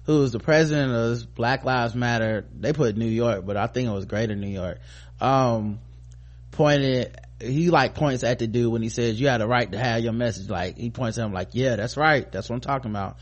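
A man's voice: medium pitch, moderate pace. A man hosting a show, commenting casually on a viral video, loose and profane, often restarting his sentences.

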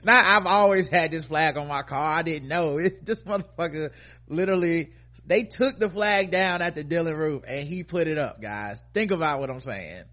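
A man's voice: a little high, moderate pace, bright, forceful tone. A man co-hosting a podcast, reading news stories aloud and mocking them in casual comedic commentary, laughing often. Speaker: podcast co-host.

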